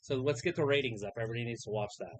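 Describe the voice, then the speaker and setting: A woman's voice: rumbling low, very fast, no room sound, poor audio. A woman co-hosting a casual live watch-along stream, joking and commenting as the show plays. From Idaho, USA. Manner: lively, joking commentary with frequent laughs. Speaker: co-host.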